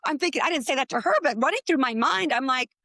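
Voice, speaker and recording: Animated woman telling her story, dry sound. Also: quick pace, dry recording. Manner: animated, acts out quoted voices with rising pitch. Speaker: guest. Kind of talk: casual storytelling.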